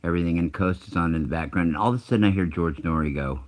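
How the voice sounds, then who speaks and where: Very deep-voiced man telling a rambling story. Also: very fast. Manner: rambling, profane, self-interrupting. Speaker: channel host. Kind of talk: casual storytelling.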